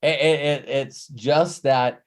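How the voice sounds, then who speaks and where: A man's voice: mid-range voice, fairly even intonation, slow pace. A man hosting a live coaching session, talking in a rambling way with frequent restarts and repeated words. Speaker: host and life coach.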